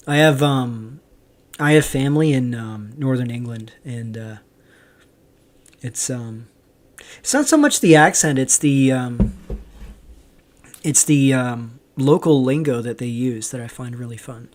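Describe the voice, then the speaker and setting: A man's voice: mid-range voice, lively intonation, a little slow. Rambling Canadian-raised man streaming. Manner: reads viewer chat aloud and answers it; rambling with frequent ums. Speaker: livestream host. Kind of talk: casual livestream commentary.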